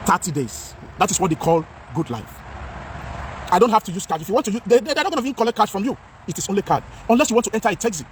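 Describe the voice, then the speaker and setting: A high, quick-talking Nigerian man vlogs outdoors on a city street, switching between English and Pidgin. He repeats his points with great passion. Faint traffic noise runs underneath his voice. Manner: impassioned, repetitive, mixes Pidgin with English. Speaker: vlogger. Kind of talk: outdoor talking-head vlog.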